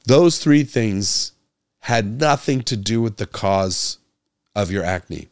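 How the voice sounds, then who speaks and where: A man's voice: lively intonation, slow, dry recording, clean studio sound. A man hosting a medical podcast alone, talking with passion, stumbling over repeated words and firing rhetorical questions. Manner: grows louder and higher when exasperated. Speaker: podcast host, doctor. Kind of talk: solo podcast monologue.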